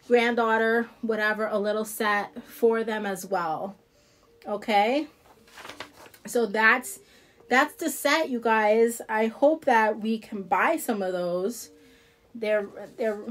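Fairly high and a bit bright, this woman's voice carries a New Jersey accent. She's an independent nail product seller in a casual live showcase, chatting loosely with viewers about her nail products and laughing easily.

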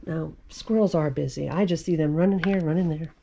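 A woman hosting a library storytime, reading picture books aloud to young children in an animated, sing-song way. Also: deep voice, fairly quick, vocal fry, background noise.

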